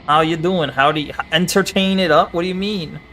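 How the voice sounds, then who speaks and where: A man's voice: on the high side, brisk, bright, forceful tone, slight background noise. A young man streaming a game, playfully commenting and chatting with his viewers. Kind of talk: live gameplay commentary.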